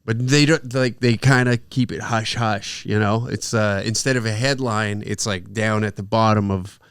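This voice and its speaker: A comedian in loose podcast banter, crude and quick with a joke. His voice is clean and crisp. It sits close and dry on the mic. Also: on the low side, fairly even intonation, fairly bright tone, dry recording. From Canada. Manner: crude, joking, swears often. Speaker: comedian guest.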